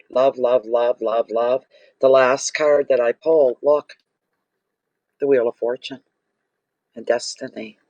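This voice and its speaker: A man hosts a tarot reading video, talking slowly and drawing out his words. He gushes and exclaims over each card. The sound is close and dry, with no room echo. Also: medium pitch, darkish tone. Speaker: tarot reader. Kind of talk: casual tarot reading vlog.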